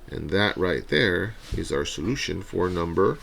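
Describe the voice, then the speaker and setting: A man teaching a recorded math review lesson. He talks through each step out loud and often checks in with a quick "right?". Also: low voice, lively intonation, gravelly, a little hiss or hum.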